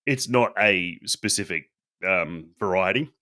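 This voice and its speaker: A man's voice: sits low, measured pace, sharp tone. An Australian man co-hosting a casual beer podcast, speaking hesitantly with many restarts. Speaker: podcast co-host.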